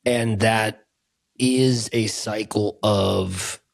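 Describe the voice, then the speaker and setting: A man's voice: fairly low pitch, fairly even intonation, extremely slow, creaky, no echo. A man co-hosting a podcast, reflective in casual conversation, often searching for and correcting his words. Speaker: podcast co-host.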